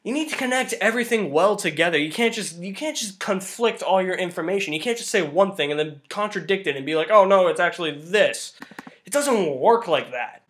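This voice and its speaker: Ranting man reviewing a movie, fairly high voice. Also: animated, fairly quick, hardly any pauses, fairly bright tone. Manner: ranting, exasperated.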